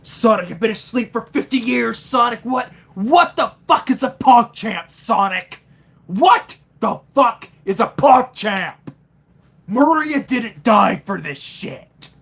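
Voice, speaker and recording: A streamer voicing a brooding hedgehog antihero, shouting drawn-out threats. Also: mid-range voice, expressive, gravelly, breathy edge, pitched above the performer's own voice, full character voice. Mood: outraged.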